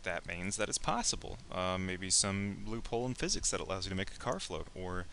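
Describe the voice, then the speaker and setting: A man's voice: low-pitched, fairly quick, a bit bright, a little hiss or hum. A young man teaching a casual, joking lecture on science and engineering, acting out imagined speakers with playful asides.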